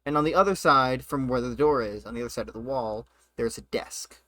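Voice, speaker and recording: A man game master describing scenes in a tabletop game. He talks at a middling pitch and often stops to search for the right words. The sound is dry and close. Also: a little fast, pushed and bright, dry recording.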